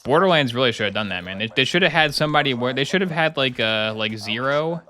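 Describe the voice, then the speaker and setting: Male streamer, casual live chat, sarcastic and rambling, bright-toned voice. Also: mid-range voice, expressive, fast.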